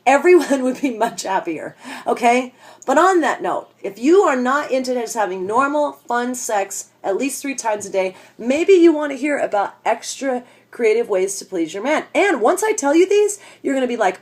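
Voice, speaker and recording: A woman with a somewhat high voice, ranting for laughs. She talks straight to her audience, sarcastic and exasperated, as if she were letting them in on something outrageous. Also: sing-song, normal speed. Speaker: vlogger ranting to camera. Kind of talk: comedic rant.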